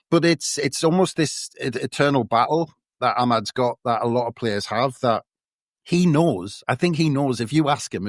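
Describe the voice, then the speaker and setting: A man's voice: lowish voice, no echo, studio quality. A man with a North East English accent, co-hosting a football podcast in casual, thoughtful chat full of restarts. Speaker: podcast co-host.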